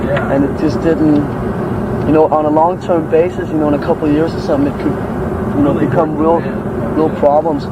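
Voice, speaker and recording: Halting man outdoors amid traffic. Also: on the high side. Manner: halting, many fillers. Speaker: musician. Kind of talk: casual interview. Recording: loud outdoor traffic noise.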